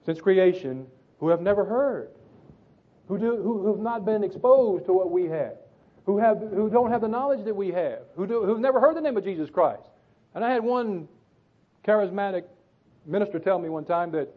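A man's voice: high voice, animated, normal speed. A man preaching a sermon, reading scripture and repeating phrases for emphasis. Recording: tinny phone-like sound.

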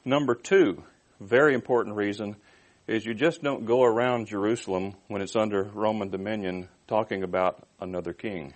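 A man's voice: lowish voice, moderate pace. A man preaching through a Bible passage, reading verses aloud and explaining them in plain, conversational terms. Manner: reads scripture aloud then explains it, with restarts and asides. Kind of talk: expository Bible teaching.

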